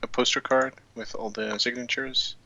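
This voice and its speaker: A man's voice: mid-range voice, level tone, moderate pace, gravelly, pushed and bright, low-quality recording. A man on a podcast explaining something to listeners, hesitating with fillers along the way. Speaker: podcast co-host. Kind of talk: casual podcast chat.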